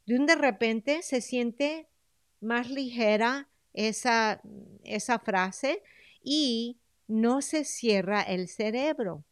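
Taking her time, a woman with a fairly high, clean-toned voice gives a bilingual talk on goal setting, alternating English and Spanish. She coaxes her audience and repeats phrases, and the audio is studio quality with no echo.

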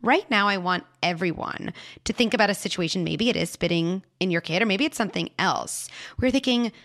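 A woman hosting a show and giving parenting advice to a caller, explaining patiently and dropping into soft hushed asides. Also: medium pitch, brisk. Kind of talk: advice talk answering a caller.

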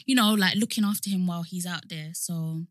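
Chatty young woman, low voice. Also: fairly quick, dry recording, studio quality. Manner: chatty, frequent "like" and "you know" fillers. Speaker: podcast co-host. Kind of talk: casual chat.

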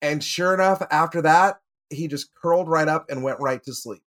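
Man, higher pitch, chatty podcast storyteller, lots of uhs and laughs. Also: normal speed, fairly bright tone. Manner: storytelling with many fillers and laughs. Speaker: podcast panelist. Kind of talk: casual chat.

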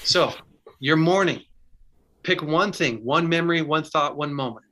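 A man's voice: fairly high pitch, a little slow, bright, forceful tone. A man teaching in a casual, conversational way and sharing his own story, earnest and candid, with short bursts and restarts. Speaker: faith speaker sharing advice.

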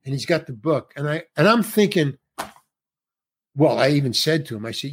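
Middle-aged male actor, lively anecdote teller, voices the other characters, slightly high and very expressive. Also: normal speed, slight background noise. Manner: animated storyteller who acts out the other people's lines. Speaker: actor guest. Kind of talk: conversational anecdote.

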